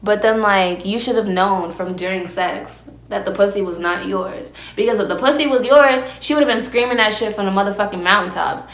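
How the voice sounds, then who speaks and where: A young adult woman talks through a casual solo podcast, eating between brash, profane stories. She speaks a little fast at medium pitch with hardly any pauses, and her tone is a bit bright. It was captured on a phone camera with a ring light, and the room echoes.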